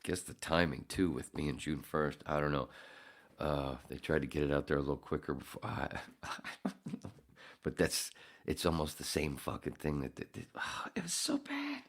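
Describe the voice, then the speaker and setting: A man's voice: a bass voice, fairly even intonation, normal speed. A man hosting a podcast, rambling and ranting with heavy profanity in a casual monologue. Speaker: podcast host.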